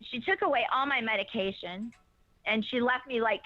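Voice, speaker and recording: A woman telling a personal story in an animated way, slipping into the voices of the people she describes. Her voice sits fairly high, and the recording is dry and muffled, with a dull lo-fi sound. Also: normal speed, no echo. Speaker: guest. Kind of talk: casual interview storytelling.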